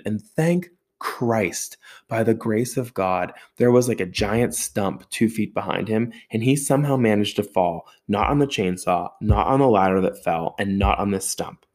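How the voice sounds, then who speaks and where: Low-voiced male storyteller, animated, casual, a bit profane. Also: moderate pace, few pauses. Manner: animated storyteller with sound effects and swearing. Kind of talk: storytelling monologue.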